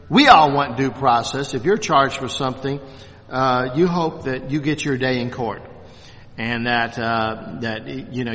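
A man teaches a church class, his voice carrying a long reverb as if in a big hall. He talks in a halting, unscripted way, full of restarts and fillers, and pokes fun at himself when he stumbles. His pitch sits in an ordinary middle range. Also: fairly bright tone. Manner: halting, many restarts and fillers, self-deprecating. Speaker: Bible teacher.

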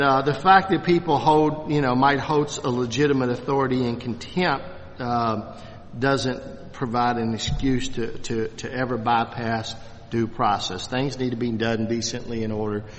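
A man teaches a church class, his voice carrying a long reverb as if in a big hall. He talks in a halting, unscripted way, full of restarts and fillers, and pokes fun at himself when he stumbles. His pitch sits in an ordinary middle range. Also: fairly even intonation, a bit bright, slight background noise. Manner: halting, many restarts and fillers, self-deprecating. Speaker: Bible teacher.

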